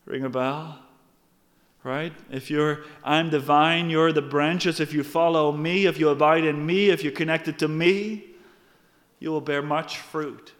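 An earnest man preaches with emphasis and speaks straight to his congregation. His voice sits a little high. A long reverb trails each phrase, as in a large hall. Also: steady tone, unhurried. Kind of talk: sermon.

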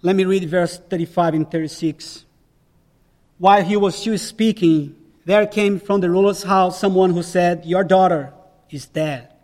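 A man's voice: high voice, steady tone, moderate pace, darkish tone, in a large hall. A man preaching a sermon as a pastor, emphatic and repeating key phrases for weight.

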